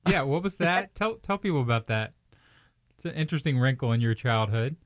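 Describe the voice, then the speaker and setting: A man's voice: medium pitch, animated, a little fast, no echo, studio quality. A man from Kentucky, hosting a casual comedy podcast, teasing his co-hosts and laughing often. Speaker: podcast host.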